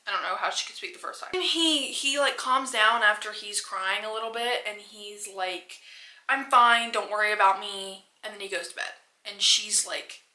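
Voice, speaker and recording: A young woman casually recapping a movie for her review channel, animated and full of fillers and swearing. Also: medium pitch, reverberant, low-quality recording.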